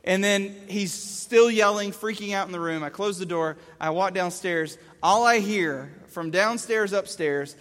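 A man preaching a sermon, an animated storyteller who acts out scenes as he talks. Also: high-pitched, measured pace, hardly any pauses. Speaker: pastor. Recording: long hall reverb.

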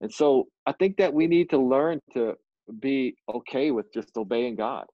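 An earnest man recounting a personal story as a missionary guest, talking in an animated way and often restarting his phrases. His voice sits at an ordinary middle pitch. The recording is dull and a bit lo-fi, with a dry, close sound. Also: measured pace, dry recording.

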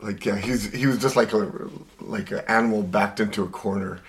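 A man's voice: on the low side, steady tone, a little fast. A man co-hosting a podcast, chatting casually with short, laid-back comments and chuckles. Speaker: podcast co-host. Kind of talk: casual chat.

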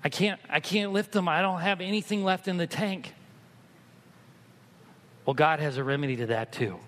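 A pastor preaching a sermon, moving from hushed storytelling to loud, emphatic exhortation. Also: male voice, on the high side, normal speed, long reverb tail.

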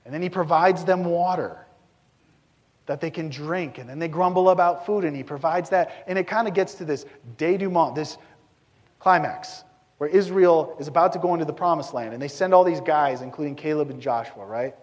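Man, pastor, live sermon, earnest, acts out quoted voices, slightly high voice, long church reverb. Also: normal speed.

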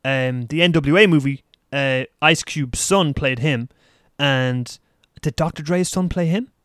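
A man living in Taiwan hosts a solo podcast, chatting casually and rambling about movies while laughing at himself now and then. His voice is a little high, a bit bright, and a little slow. The recording is dry, clean studio sound.

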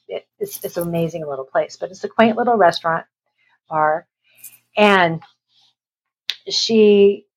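Husky-voiced woman telling a family story. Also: medium pitch. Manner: rambling, acts out quoted voices. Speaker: interview guest. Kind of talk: personal storytelling. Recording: dull lo-fi recording.

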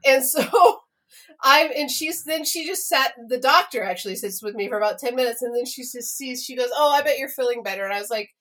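A woman tells a story to her co-host in loose, casual podcast chat. Her voice sits a little high, and she laughs and swears as she acts out what everyone said. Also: fairly quick, a bit bright.

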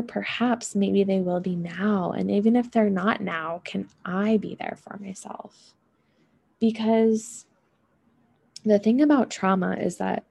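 A woman talks through emotions and healing in a slow, drawn-out monologue. Her voice is heavy with vocal fry and has a dark, husky tone. She muses aloud and keeps checking in with "right?" and "you know". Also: on the low side. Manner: unhurried, musing, often adds "right?" and "you know".

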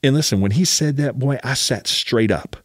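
A man's voice: mid-range voice, normal speed, breathy edge, no room sound, clean studio sound. Emphatic man preaching a personal story. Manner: emphatic, keeps urging listeners to listen. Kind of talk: sermon storytelling.

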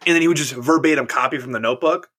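A man with a bright, edgy mid-range voice chats casually and profanely. He rambles through anecdotes and trips over restarts as he goes. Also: medium pitch, very fast. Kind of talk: casual chat.

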